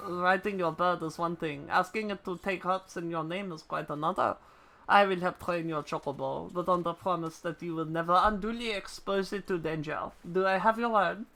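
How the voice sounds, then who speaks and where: A man's voice: high voice, normal speed, creaky, bright, forceful tone, heavily acted, poor audio. Man doing a stately trainer with a French accent. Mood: formal. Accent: put-on French. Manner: stilted formal speech, stumbling over words. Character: formal, stately noble chocobo trainer. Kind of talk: reading game dialogue aloud on a live stream.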